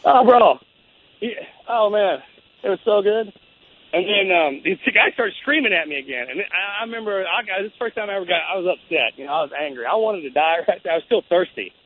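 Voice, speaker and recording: A man recounts his story in a loose, rambling, casual way, tossing in man and bro. His voice sits fairly high for a man. The audio is thin and tinny, like a phone line. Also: animated, quick pace. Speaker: guest. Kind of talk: interview storytelling.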